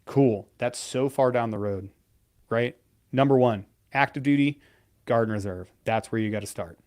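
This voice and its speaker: Male veteran co-host, forties, straight-talking and profane, mid-pitched voice. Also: moderate pace, darkish tone. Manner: blunt, profane, storytelling. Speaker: podcast co-host, veteran pararescueman. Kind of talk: casual live-stream advice talk.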